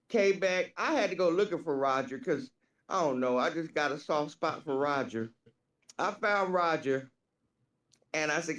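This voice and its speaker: A woman co-hosting a podcast, telling a story in a chatty, animated way, with lively acted-out voices. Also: deep voice, normal speed. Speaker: podcast co-host. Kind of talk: casual storytelling.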